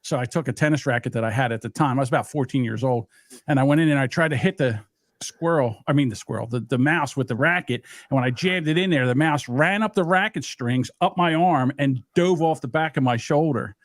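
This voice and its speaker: A man co-hosting a casual livestream podcast, telling animated stories and jumping high for quoted voices. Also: a little fast, no echo, studio quality. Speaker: podcast co-host.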